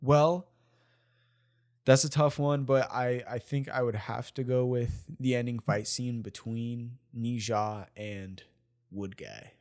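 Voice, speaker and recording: A man's voice: medium pitch, steady tone, slow pace, darkish tone. A man co-hosting a movie review podcast, talking enthusiastically with lots of fillers and restarts. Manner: enthusiastic, rambling, many fillers and laughs. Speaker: podcast co-host. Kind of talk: casual movie review chat.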